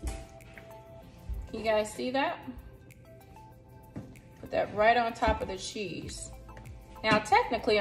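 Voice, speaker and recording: A woman hosting a cooking vlog in her home kitchen, chatting directly to her viewers as she cooks. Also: medium pitch. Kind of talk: casual cooking demo talk.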